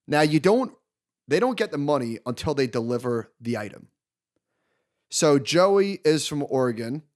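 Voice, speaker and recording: A man in his thirties co-hosting a podcast, telling a long story in an animated, casual way and laughing along. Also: medium pitch. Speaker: podcast co-host. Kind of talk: casual chat.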